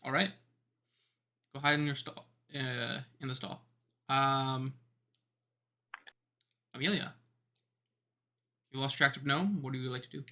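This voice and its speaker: A man runs a tabletop game, describing scenes for his players in a bright, fairly forward voice. He talks haltingly, stopping often to search for words. He is recorded on a mic over a voice call. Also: medium pitch, fairly even intonation. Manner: hesitant, many ums and pauses. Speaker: game master.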